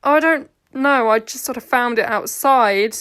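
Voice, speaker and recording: A woman's voice: on the high side, measured pace, a bit bright. Wary, sarcastic Geordie young woman, as read by a narrator. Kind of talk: amateur audio drama reading.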